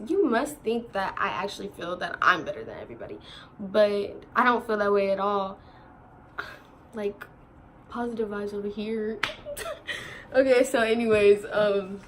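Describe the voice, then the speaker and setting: Animated young woman telling a storytime. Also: fairly high pitch, slight background noise. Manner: animated, laughing, quoting others in slang. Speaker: vlogger. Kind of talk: storytime vlog, casual chat.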